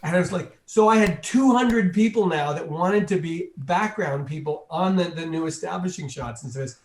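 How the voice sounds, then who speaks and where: A man with a slightly high voice tells a long anecdote with animated energy. He slips into the voices of the people in his story as he goes. His voice rings with a roomy echo. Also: moderate pace. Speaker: interview guest.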